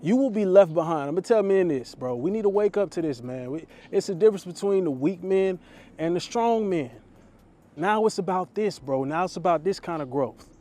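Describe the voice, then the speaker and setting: A man's voice: high voice, expressive, normal speed, dark tone. A young man, a dating coach, giving a blunt, slangy motivational talk straight to camera.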